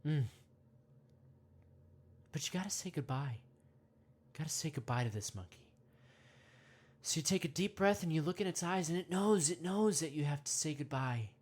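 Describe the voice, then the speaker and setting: Low-voiced woman as a mock meditation guide: soothing, slow, rambling. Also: darkish tone.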